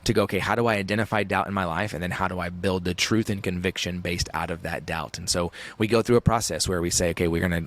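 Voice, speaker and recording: Low gravelly fast-talking man. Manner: intense, emphatic, repetitive for effect. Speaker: author and podcast host, guest. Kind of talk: interview guest on a talk show.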